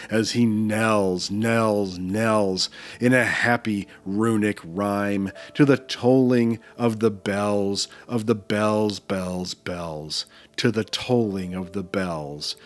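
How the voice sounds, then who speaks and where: Dramatic male poetry reader. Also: on the low side. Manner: theatrical recitation with swelling and fading volume; relaxed, rambling chat with fillers. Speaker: artist drawing on video. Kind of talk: dramatic poetry reading, then casual chat.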